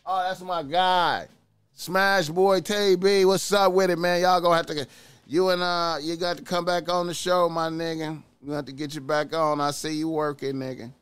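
Smooth-voiced man ranting on a livestream. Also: fairly high pitch, flat delivery, normal speed, fairly bright tone, no echo. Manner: loose, repetitive delivery with constant "man" fillers; preachy streetwise advice-giving. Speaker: podcast host. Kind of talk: casual livestream talk giving chat shout-outs.

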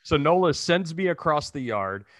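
A man's voice: fairly high pitch, sing-song, normal speed, a bit bright, dry recording, clean studio sound. A man in his thirties with a slight Southern twang, chatting on a podcast in a drawling, profane, joking way. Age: 30s. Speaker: podcast co-host. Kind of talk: casual chat.

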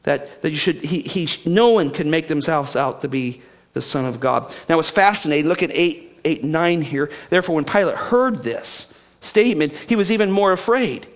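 A pastor preaches a sermon, reading scripture aloud and then explaining it by firing emphatic questions at his listeners, his voice sometimes hushed and sometimes raised. He speaks at a moderate pace with a voice on the high side.

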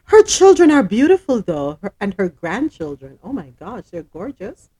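A woman's voice: medium pitch, sing-song, moderate pace, warm tone, breathy edge. A woman hosting a live radio show, chatting with laughter and reading news items aloud.

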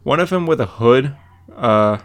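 A man's voice: medium pitch, expressive, unhurried. A man co-hosting a podcast, recapping a comic issue in a rambling, casual way with lots of fillers and quoted dialogue. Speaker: podcast co-host.

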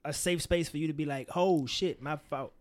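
A man's voice: on the high side, moderate pace. A young man co-hosting a casual podcast, talking through friendship advice candidly and animatedly, swearing freely and acting out quoted lines. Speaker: podcast co-host.

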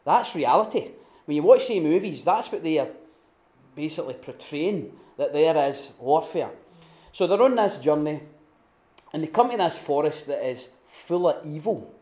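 A man giving an informal teaching talk at a retreat, telling stories with lively restarts and acted-out quotes. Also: fairly high pitch, moderate pace. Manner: animated storytelling with many restarts and acted-out quotes. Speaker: retreat speaker. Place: room at a retreat. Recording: echoey room.

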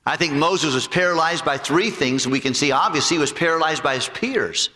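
A man preaching a sermon with animated storytelling, acting out voices and jokes. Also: a little high, a little fast, long reverb tail. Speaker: pastor.

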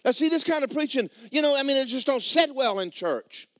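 A man preaching a sermon, emphatic and loud at times, dropping low for stories. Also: lively intonation, fairly quick, dry recording. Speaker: pastor.

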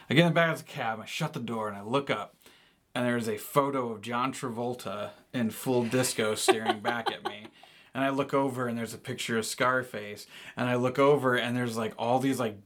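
Man, 30s, podcast co-host, casual storytelling, animated, rambling. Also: mid-range voice.

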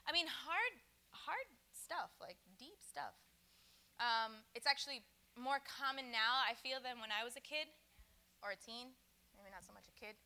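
A woman in her thirties talks to a young crowd in a loose, chatty way, acting out little conversations as she goes. Her voice sits high and sounds very bright and sharp. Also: measured pace. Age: 30s. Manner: chatty, animated, acts out quoted dialogue with laughs. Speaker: youth speaker. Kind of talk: casual storytelling talk to young people.

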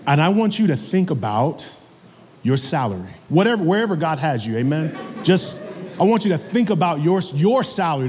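A man preaching a sermon as pastor, animated and calling out to the congregation for amens. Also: fairly high pitch, in a large hall. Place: church sanctuary.

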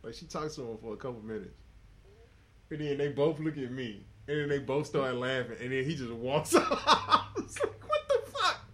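A man's voice: medium pitch, brisk. A man on a podcast telling a crude, profane story in casual talk, laughing often. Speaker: podcast host.

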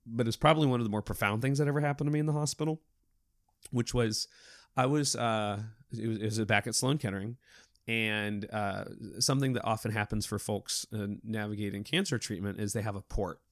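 A man who works as a hospital clown, telling stories in a lively, animated podcast interview with frequent restarts. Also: lowish voice, a little fast, dry recording, studio quality.

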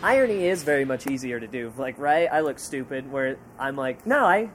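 A man co-hosting a comedy podcast, talking casually in rambling, animated banter with lots of fillers. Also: medium pitch, a little fast, soft background music. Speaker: podcast co-host.

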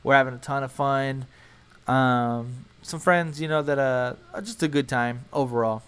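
A young man in his twenties from San Antonio, Texas, telling a wild story in casual, profane chat, jumping into loud, high quoted voices. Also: unhurried, clean tone.

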